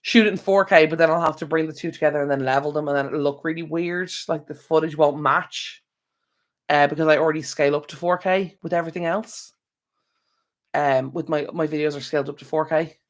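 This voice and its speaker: A tired Irish man hosting a live stream from home, his voice sitting a little higher than most men's. He rambles loosely and chats straight to his viewers through a proper microphone, yawning now and then. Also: fairly even intonation, fairly quick. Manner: rambling, chatty, talks to viewers directly. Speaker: channel host. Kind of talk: casual live-stream chat. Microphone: external microphone.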